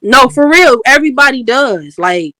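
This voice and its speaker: A young woman with a Chicago accent in casual chat, animated and quick to laugh. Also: high voice, no echo.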